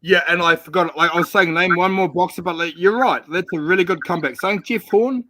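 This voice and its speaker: A man's voice: high-pitched, a little fast, sharp tone, no room sound. A man arguing in a combative, sarcastic, swearing way in a heated casual debate on an online call. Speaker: panel guest, boxing fan.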